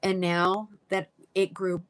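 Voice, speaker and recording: A woman with a fairly low, monotone voice speaks slowly while hosting a live wig sale. She chats casually in typical livestream sales fashion and greets viewers by name.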